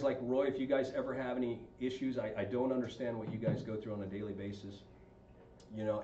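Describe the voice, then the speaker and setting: A man with a mellow, lowish voice talks informally to a group about marriage and relationships, questioning the audience as he goes. The recording is dull and echoey, made far from the mic, with a little hiss or hum.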